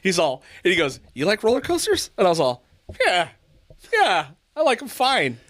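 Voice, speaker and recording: Animated, profanity-laced storytelling man. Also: high voice, normal speed. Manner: animated storytelling, swearing, laughing, loud outbursts. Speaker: podcast host. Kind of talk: casual chat.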